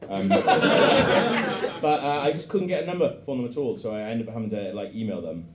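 A man's voice: mid-range voice, expressive, normal speed, reverberant, very noisy. A man from Britain hosting a podcast, telling a story in rambling, giggly casual chat. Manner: rambling, giggly, lots of fillers. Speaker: podcast host.

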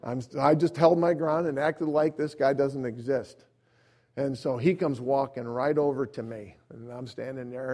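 A man preaching a sermon as an evangelist, telling a personal story, acting out quotes and swinging between loud emphasis and quiet asides. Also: medium pitch, moderate pace.

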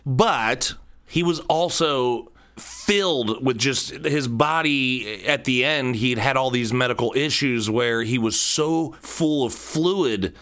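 A man's voice: mid-range voice, slow pace, fairly bright tone. A man in his thirties hosting a solo podcast, talking candidly and rambling, tripping over repeated words. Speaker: podcast host.

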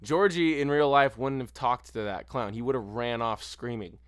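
Give me a man in casual podcast chat, animated and profane, with a smooth, clear voice on a dry mic. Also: medium pitch, normal speed, no echo. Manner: animated, swears a lot, mimics voices. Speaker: podcast co-host.

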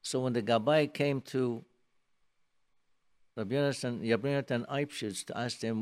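A man giving a sermon, telling a story emphatically and swinging between soft and loud, with many restarts. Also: medium pitch, moderate pace, long pauses. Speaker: rabbi giving a talk.

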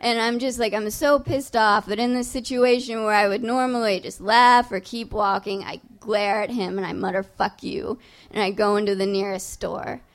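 A woman's voice: medium pitch, fairly even intonation, moderate pace, few pauses. A young adult woman telling a personal story live on stage, in a casual, profane, self-mocking way. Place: on stage before a live audience.

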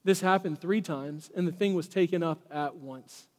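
A man preaching a sermon as pastor, animated and conversational, with quick asides to the congregation. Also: fairly high pitch, long reverb tail. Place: church sanctuary.

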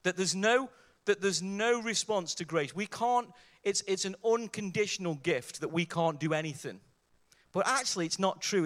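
Guy preaching a sermon, kinda high voice, gets fired up and keeps asking the crowd questions. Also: fairly bright tone. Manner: emphatic, rising to fervent exclamations and rhetorical questions.

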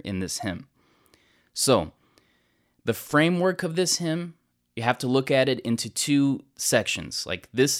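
Man, mid-pitch, earnest church teacher explaining a hymn, slows down on key words. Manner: earnest, with many restarts and slow stresses on key words.

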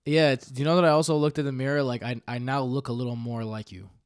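A man's voice: mid-range voice, steady tone, fast talker, clear, resonant tone. Chatty male podcast host. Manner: loose and chatty, with fillers and laughs. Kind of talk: casual podcast chat.

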